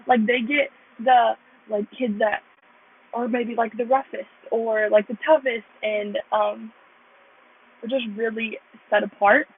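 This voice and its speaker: A young American vlogger earnestly shares her faith testimony, rambling and saying "like" constantly. Her voice sits on the high side with a breathy edge, and the recording sounds tinny, as if from a phone.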